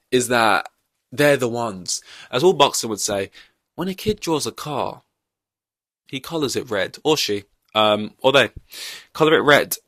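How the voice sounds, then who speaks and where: A young man talks on his podcast in a low, easy voice, wandering through long-winded comparisons and joking at his own expense. The sound is dry and close, with no room around it. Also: a bit bright, dry recording. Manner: rambling, long-winded, self-mocking. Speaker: podcast host. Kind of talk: casual chat.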